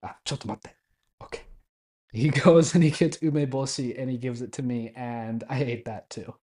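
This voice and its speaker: A man's voice: mid-range voice, fairly even intonation, moderate pace, dark tone. A man in his twenties casually telling a travel story, chatty and laughing often, acting out bits of quoted Japanese. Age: 20s. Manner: acts out quoted Japanese phrases.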